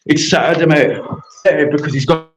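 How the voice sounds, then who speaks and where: A man's voice: on the high side, fairly even intonation, moderate pace, noisy background. Sweary, confrontational British man. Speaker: livestreamer. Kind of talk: angry livestream rant.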